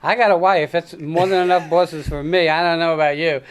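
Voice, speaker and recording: A man's voice: a little high, fairly even intonation, brisk, a little hiss or hum. A man in his sixties hosting a casual interview, talking emphatically and often checking in with "Okay?". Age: 60s.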